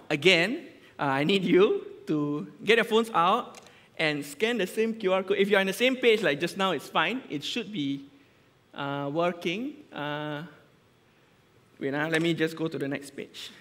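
A man's voice: on the high side, fairly bright tone. Chatty Malaysian man preaching in a hall. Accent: Malaysian English. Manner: chatty, joking, full of restarts. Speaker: lay preacher. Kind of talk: casual conversational sermon. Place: church hall. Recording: long reverb of a church hall.

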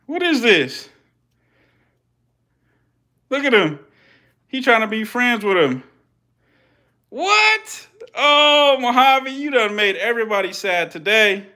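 A young adult man with a Californian accent, hosting a casual vlog with slangy, profane, excitable commentary and laughing asides to viewers. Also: extremely high pitch, slow pace, pauses often. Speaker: channel host feeding snakes.

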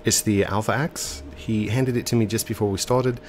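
A man's voice: lowish voice, steady tone, moderate pace, soft background music. A man with a stuffy, congested nose, commentating a video game in a put-on English accent and hesitating with ums and self-corrections. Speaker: let's play host.

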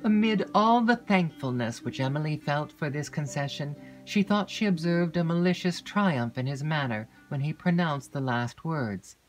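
A woman narrating a classic gothic novel in a measured, even audiobook reading. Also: deep voice, faint music behind. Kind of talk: scripted narration.

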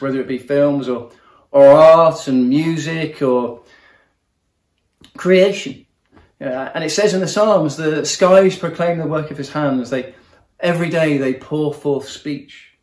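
A man's voice: fairly high pitch, measured pace, darkish tone. Earnest preacher man in an echoey room. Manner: earnest, personal, repeats words while speaking. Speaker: guest preacher. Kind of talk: sermon.

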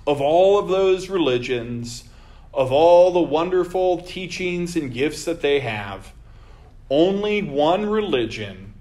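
A man leading a Bible study as vicar, teaching earnestly with emphatic repeated phrases. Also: mid-range voice.

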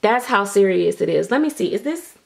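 An American woman reviews doll kits in a casual vlog, gushing with frequent excited exclamations and Southern vernacular like "y'all." Her voice is medium-pitched, fairly quick and creaky.

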